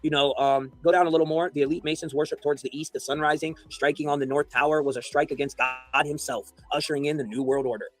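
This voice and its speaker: Rapid-fire eager man, slightly high. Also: steady tone, faint music behind. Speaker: podcast co-host. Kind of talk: casual conspiracy talk livestream.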